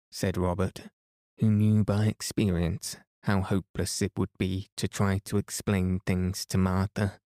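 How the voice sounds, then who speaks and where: A man reading a bedtime story aloud in a soothing, unhurried way. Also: sits low, level tone, mellow, no echo, clean studio sound. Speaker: sleep podcast reader.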